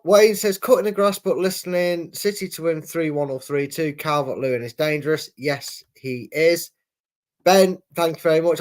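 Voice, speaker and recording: A man hosting a live football fan watchalong, chatting casually and reading out viewer messages with plenty of ums and restarts. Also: fairly high pitch. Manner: chatty, reads viewer messages aloud with many fillers. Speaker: fan channel host reading chat.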